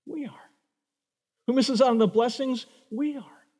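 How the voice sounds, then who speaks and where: A man preaching a sermon, animated, acting out the voices of the figures in the story he tells. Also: very high-pitched, unhurried, long reverb tail. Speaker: pastor.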